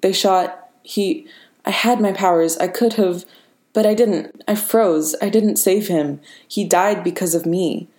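A woman voicing an anxious teenage boy superhero who speaks hesitantly and in halting bursts in an audiobook reading. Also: mid-range voice, a little mellow, voice pushed up, close to an everyday voice. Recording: roomy reverberant room.

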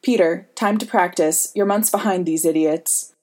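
A woman's voice: fairly low pitch, moderate pace, a little mellow, natural voice. A woman voicing a bitter, snarky young woman locked in a prison cell. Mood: sarcastic. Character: cocky snarky young man, sarcastic prisoner.

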